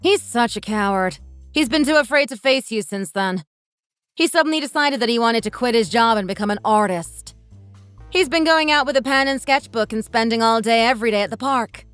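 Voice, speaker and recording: A woman's voice: a little high, a little fast, a bit bright, clear, resonant tone, dry recording, clean studio sound, faint music behind, close to an everyday voice. A woman reading as a sarcastic fed-up daughter-in-law. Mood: blunt. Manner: sarcastic, cutting comebacks. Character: fed-up sharp-tongued adult daughter-in-law. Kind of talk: dramatized text-story reading.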